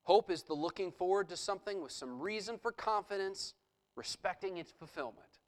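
A pastor with a high, animated voice preaches at normal speed, working through a scripture passage verse by verse. He reads passages aloud with rising intensity, and the recording quality is low.

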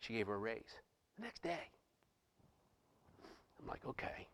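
A man's voice: on the low side, very animated, unhurried, long reverb tail, a little hiss or hum. A middle-aged man, a pastor, telling a personal story to his congregation in a sermon, with frequent restarts and quoted dialogue. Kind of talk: sermon testimony. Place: church.

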